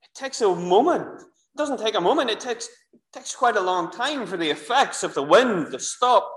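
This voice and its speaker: A man's voice: high-pitched, lively intonation, normal speed, fairly bright tone. A man with a Northern Irish accent preaching a sermon in church, telling the story vividly and speaking directly to the children and the congregation. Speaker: minister. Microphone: clip-on microphone. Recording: echoey church room.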